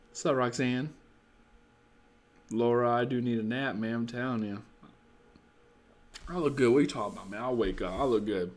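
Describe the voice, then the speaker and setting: A young man sounding tired hosts a casual live stream in a medium-pitched voice, moving at a moderate pace and pausing often. Blunt, rambling, and heavy on swearing, he shifts from chatting with viewers to handing out dating advice.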